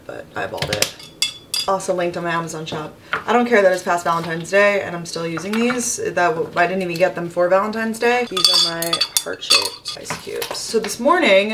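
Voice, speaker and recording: Filming in her city apartment and on the streets, a lifestyle vlogger in her twenties talks casually to camera, rambling and saying "like" constantly. She has a lowish voice against a noisy background.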